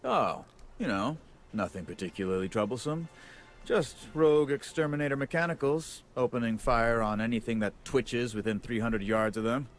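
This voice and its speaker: An actor playing a gruff, harried male orchard overseer in a video game, blunt and sardonic with folksy speech. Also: mid-range voice, expressive, normal speed, soft background music, natural voice.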